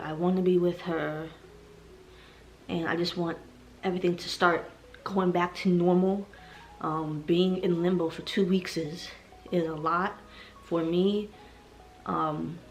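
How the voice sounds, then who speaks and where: A woman's voice: fairly low pitch, creaky, a little hiss or hum. A heavily pregnant young woman vlogging to her viewers, talking in an emotional, rambling way and growing tearful at times. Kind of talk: personal vlog confession.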